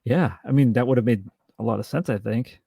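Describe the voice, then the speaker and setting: A man co-hosting a podcast, chatting casually about a movie with halting restarts and dry jokes. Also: mid-range voice, gravelly, mellow, husky, no room sound. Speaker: podcast co-host. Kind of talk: casual film review chat.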